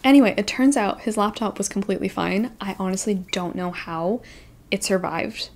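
A woman in her twenties, a book vlogger, telling a story to camera in a casual, animated, self-deprecating way, with frequent "like"s. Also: mid-range voice, normal speed, slight background noise.

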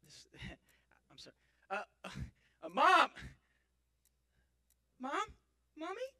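A man's voice: very high voice, huge pitch swings, unhurried, creaky, sharp tone, exaggerated voice. A man playing a clumsy, boastful young man in a comic church skit, rambling and self-mocking with theatrical outbursts. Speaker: actor in a church Christmas skit. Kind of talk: comic stage monologue. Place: church stage. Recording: live church audience.

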